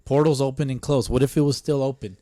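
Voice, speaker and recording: A man's voice: medium pitch, fast talker, no echo. Laid-back man on a dry mic. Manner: relaxed, laid-back, swears freely. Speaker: podcast co-host. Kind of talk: casual chat.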